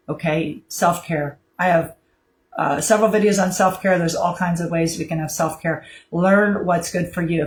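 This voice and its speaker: A woman speaking to viewers about handling grief, in a gentle, rambling way with fillers and restarts. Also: on the low side, slight background noise, rough recording. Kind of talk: casual spoken advice to camera.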